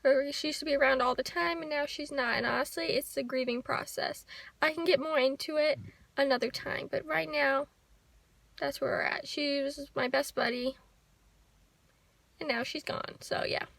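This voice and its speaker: A young woman speaks to her camera in a personal vlog, soft, reflective and heartfelt. Her voice sits high and bright with a touch of gravelly fry. The sound is dry and close. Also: steady tone, normal speed, no echo. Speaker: vlogger. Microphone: handheld camera.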